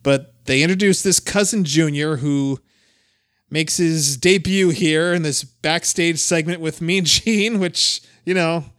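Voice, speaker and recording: A casual man hosting a podcast, talking in a loose, chatty way and laughing as he goes. His voice sits a touch high. The sound is dry and close. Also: a little slow, fairly bright tone, no room sound. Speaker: podcast host. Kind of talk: casual chat.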